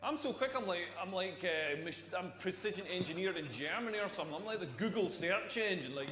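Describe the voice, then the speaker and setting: A man's voice: sits high, animated, brisk, hardly any pauses, fairly bright tone. A Scottish man in his forties doing a rambling, self-mocking stand-up routine on a stage. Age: 40s. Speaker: stand-up comedian. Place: stage in a large hall. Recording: echoey hall from a distance.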